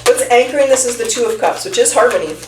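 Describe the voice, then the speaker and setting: A woman's voice: a little high, animated, quick pace. A woman giving a casual tarot reading, chatting straight to her viewer. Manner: chatty, addresses the viewer directly. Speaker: tarot reader. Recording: echoey room, mic at a distance, faint noise.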